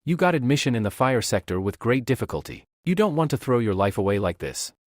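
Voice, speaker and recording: A young commoner boy who pleads and urges acceptance of fate, as a male narrator puts him on. The pitch moves in a lively way at a middle height, with a dry, close sound. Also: quick pace, no room sound. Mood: resigned. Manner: pleading, resigned.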